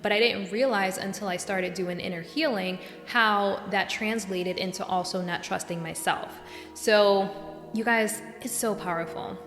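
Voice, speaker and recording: An earnest young woman from New York hosts her own podcast, talking straight to listeners and growing animated as she warms to the subject. Her voice sits in the middle of the range and rings out in an echoey room with a long reverb tail, faint music underneath. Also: mid-range voice, measured pace. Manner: earnest, gets worked up and animated. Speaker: podcast host and coach. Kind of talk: solo podcast monologue.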